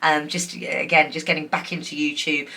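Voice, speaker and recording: Woman tarot reader, pick-a-card style, lowish bright voice, loose and giggly delivery full of fillers. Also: flat delivery, moderate pace. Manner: chatty, giggly, warm and encouraging, many fillers.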